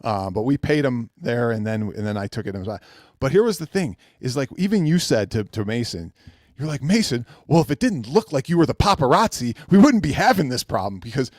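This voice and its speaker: A man's voice: medium pitch, a little fast, no room sound, studio quality. A man hosting a casual talk show, telling stories animatedly and acting out quotes. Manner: animated storyteller, acts out quotes. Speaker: podcast host. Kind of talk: casual chat.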